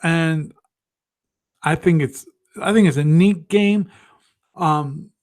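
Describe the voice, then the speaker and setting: A man with a slightly higher voice hosts a live stream, rambling through his thoughts as he goes. He keeps restarting his sentences and pokes fun at himself in a loose, offhand way. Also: slow pace, a little mellow. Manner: rambling, self-deprecating, thinks aloud with many restarts. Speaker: host of a gaming livestream. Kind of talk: casual live-stream commentary.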